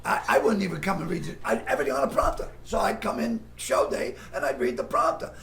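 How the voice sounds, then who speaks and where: A comedian with a Boston accent tells loud, profane stories and breaks into shouts and laughter. His voice is deeply gravelly and sits high, swinging wildly up and down. The room around him is echoey. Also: animated, quick pace, slight background noise. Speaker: comedian guest. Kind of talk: raucous storytelling.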